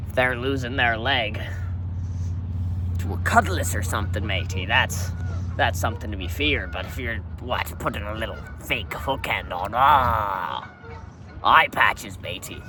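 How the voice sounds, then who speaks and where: Bright-voiced man ranting in pirate talk. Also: medium pitch, animated, unhurried, slight background noise. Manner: pirate talk, says "matey" constantly, rambling rants. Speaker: podcast host. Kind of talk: comedic in-character pirate monologue. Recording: voice a bit distant from the mic.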